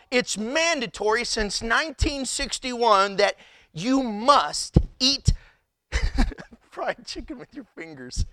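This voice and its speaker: Speaking slowly in a high voice, this male pastor delivers a funny sermon full of stories, laughing often and exclaiming in disbelief. It's a clean studio recording with no echo.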